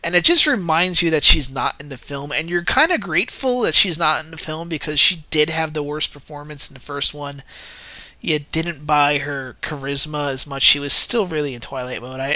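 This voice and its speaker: A man's voice: on the high side, bright, forceful tone, no room sound. A man giving a casual spoken movie review, rambling and correcting himself as he goes, often breaking into laughter. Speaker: film reviewer.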